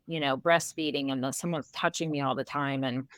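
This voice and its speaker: A woman, a mother, telling stories as a podcast guest in an animated way, laughing often. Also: extremely low pitch, brisk, no room sound, clean studio sound. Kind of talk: casual storytelling.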